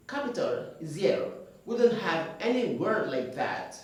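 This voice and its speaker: A man's voice: high-pitched, sing-song. A man teaching English pronunciation in a classroom, drilling words by repeating them with emphatic stresses. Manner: slow, emphatic delivery with sudden loud stresses. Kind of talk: classroom lesson. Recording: echoey room, mic far off.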